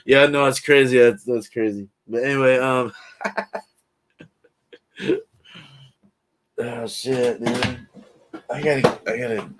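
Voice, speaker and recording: With a medium-pitched voice and fairly even intonation, this livestream host talks slowly and pauses often. He chats casually with viewers in relaxed slang, frequently breaking into laughter.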